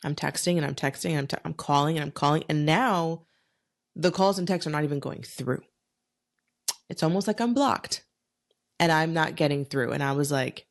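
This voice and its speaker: Young woman podcaster, low voice, swears a lot, just talking it out. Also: unhurried, pauses often. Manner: frank and profane, animated storytelling. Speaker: podcast host. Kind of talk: candid solo podcast storytelling.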